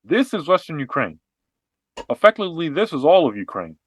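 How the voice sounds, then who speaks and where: A man co-hosting a podcast, explaining history and politics in an animated, casual way with frequent restarts and fillers. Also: on the high side, brisk. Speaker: podcast co-host.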